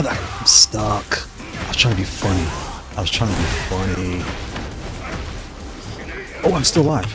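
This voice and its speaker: A man giving excited, trash-talking play-by-play of his own fighting game matches. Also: on the low side, unhurried, pauses often. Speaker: gaming channel host. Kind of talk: live gameplay commentary. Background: fighting game music and sounds.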